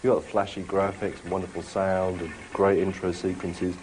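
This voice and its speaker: A man interviewed as a game designer, answering with animated, mock-exasperated asides. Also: deep voice, normal speed, few pauses, a little hiss or hum, rough recording.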